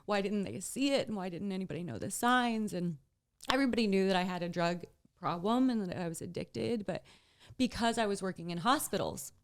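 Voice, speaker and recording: A woman's voice: medium pitch, animated, brisk. A young woman guest in an interview, telling her own painful story bluntly and tearfully, swearing freely. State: tearful, emotional. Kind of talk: candid personal storytelling.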